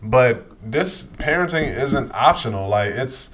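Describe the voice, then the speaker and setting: A man's voice: medium pitch, animated, slow, a bit bright. Laid-back young man co-hosting a podcast. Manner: laid-back, repeats himself, a little sleepy. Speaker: podcast co-host. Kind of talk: casual chat.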